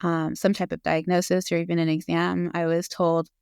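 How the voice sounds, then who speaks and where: A woman in her thirties speaks as a podcast guest in an open, earnest, unscripted way, dropping in "um"s as she goes. Her voice is smooth and resonant, with a gravelly edge. The recording is close and dry. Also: fairly low pitch, little pitch movement, moderate pace, a little mellow, no room sound. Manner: earnest and open, with fillers and laughs. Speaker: guest, physician assistant. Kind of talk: casual interview conversation.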